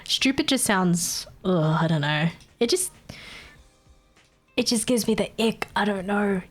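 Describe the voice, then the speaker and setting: A woman's voice: mid-range voice, animated, a little slow. A young Australian woman chatting casually on a live stream, laughing often and poking fun at accents. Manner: giggly, chatty, mocks accents.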